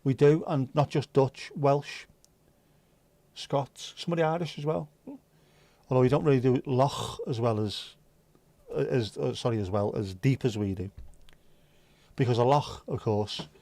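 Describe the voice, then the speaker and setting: Man, Scouse accent, livestream host, jokey rambling chat, mid pitch, dry close mic. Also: a little slow, dark tone, no room sound. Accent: Liverpool (Scouse).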